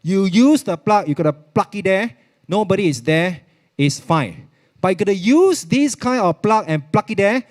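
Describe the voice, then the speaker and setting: A product presenter at a virtual expo, this man has a high-pitched, expressive voice and a Singaporean English accent, talking at a moderate pace. He gives a chatty live demo, repeating himself and switching into Mandarin now and then.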